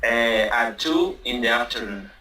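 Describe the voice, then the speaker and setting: A man's voice: mid-range voice, unhurried, pushed and bright, echoey room, recorded from a distance, low-quality recording. A man whose first language is Spanish, answering a teacher hesitantly with short replies. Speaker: student.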